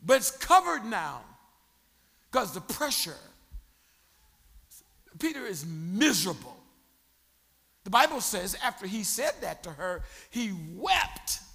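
A male pastor preaches with a high, lively voice that swings widely as he jokes and calls out to his congregation. His tone is gravelly and bright. The sound carries the long reverb of a church hall. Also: slow, long pauses. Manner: animated preaching with crowd prompts and humor. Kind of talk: sermon.

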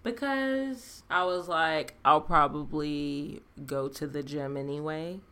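A woman's voice: sits low, slow pace, bright, forceful tone, clean tone. A woman co-hosting a casual chat, laid-back and slangy, laughing often.

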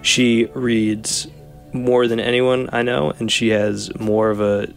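Gravelly young man with New Jersey accent. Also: mid-range voice, level tone, slow, soft background music. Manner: rambling, dry humor, trails off. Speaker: guest. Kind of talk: casual chat with a friend.

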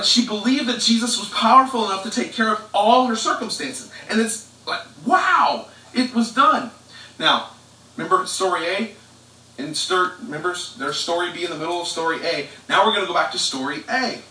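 A man preaches in a loose, conversational way, breaking off and restarting his sentences. His voice sits high and sounds bright. The live-stream audio comes from a distance in a roomy, echoing living room. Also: animated, normal speed. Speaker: pastor.

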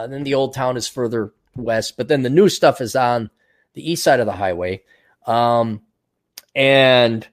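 A man hosting a casual livestream, reading out donations and rambling in a crude, self-mocking way. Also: mid-range voice.

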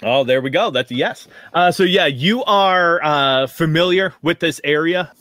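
A man serving as game master, narrating a tabletop role-playing game in a relaxed, laughing way. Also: fairly high pitch, moderate pace, no room sound, clean studio sound.

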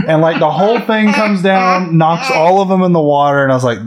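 Casual male talker with a somewhat high voice who gets loud and animated acting out scenes. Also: fast, hardly any pauses. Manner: animated storyteller, swears freely, acts out movie scenes. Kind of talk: casual chat.

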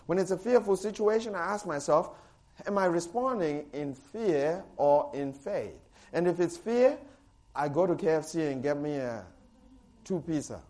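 Animated high-voiced male preacher. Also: normal speed. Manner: animated, bursts loud and high on quotes, laughs often. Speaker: pastor. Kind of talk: sermon.

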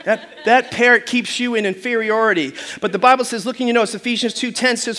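Male pastor, very high voice, sermon, storytelling, loud bursts, call-and-response. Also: expressive, fast, hardly any pauses.

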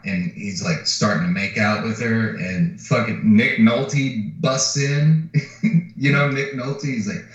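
A man's voice: lowish voice, a little slow. A man co-hosting a podcast, casually retelling a film plot with lots of swearing and acted-out lines. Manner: animated retelling of a film plot, swearing freely, acting out quotes. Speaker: podcast co-host. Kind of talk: casual chat. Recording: far from the mic in a very echoey room, dull sound.

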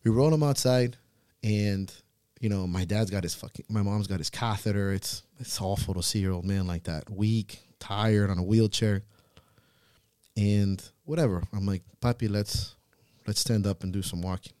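A podcast host in his thirties telling a heartfelt personal story, earnest and halting, swearing freely. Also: on the low side, fairly even intonation, mellow, smooth, no room sound, studio quality. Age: 30s. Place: podcast studio.

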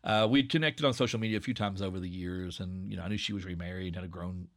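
A man in his forties with a Southwest Virginia Appalachian accent, talking casually and wandering from story to story. His voice is slightly nasal with a gravelly edge, and he sounds relaxed and easygoing. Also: low-pitched, quick pace. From Southwest Virginia, USA. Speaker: podcast creator and narrator. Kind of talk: casual conversation.

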